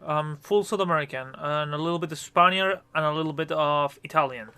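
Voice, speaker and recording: A man's voice: on the high side, brisk, sharp tone, clear, resonant tone. A man from Chile streaming live as a tarot reader, chatting casually with viewers in a scattered, intense way while juggling several things at once. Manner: intense, scattered, talks to chat while multitasking.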